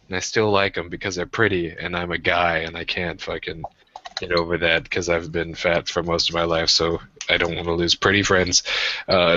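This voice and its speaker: Low bright-voiced man, profane and joking. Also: dry recording, muffled recording. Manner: profane, self-mocking, jokey storytelling. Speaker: podcast co-host. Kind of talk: casual rambling chat.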